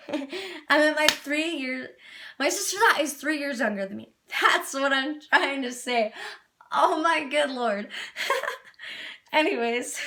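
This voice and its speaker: A woman's voice: high voice, pushed and bright. A young woman talking to camera in an earnest, rambling personal vlog, laughing at herself and at times tearful. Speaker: vlogger.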